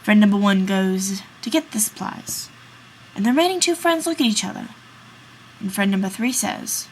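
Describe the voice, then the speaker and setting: A woman's voice: mid-range voice, slight background noise, low-quality recording. A woman narrating a classic tale in a read-aloud story summary. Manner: slow, storytelling.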